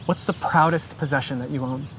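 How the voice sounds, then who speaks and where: Interviewer, brisk and friendly, medium pitch, faint background hiss. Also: steady tone, fairly bright tone. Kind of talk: casual quick-fire interview questions.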